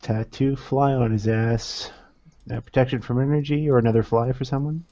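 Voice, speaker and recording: A man playing a tabletop game who thinks aloud in halting bits as he works through spells. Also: mid-range voice, fairly even intonation, dark tone, dull audio. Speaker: player. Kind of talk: casual tabletop game chat.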